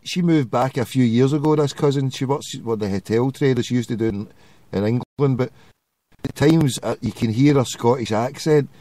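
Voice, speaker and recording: A man with a Glaswegian accent runs a casual call-in show. He banters and teases his callers. His voice sits in a middling pitch. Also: moderate pace, dark tone. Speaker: host of a call-in internet radio show. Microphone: phone call.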